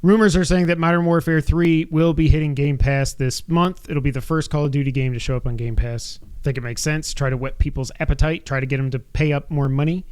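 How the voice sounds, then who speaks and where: A man co-hosting a casual gaming podcast. His voice sits a little on the high side, and he runs through news items, then tacks on wry, opinionated remarks. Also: fairly even intonation, brisk, hardly any pauses, darkish tone, clear, resonant tone. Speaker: podcast co-host.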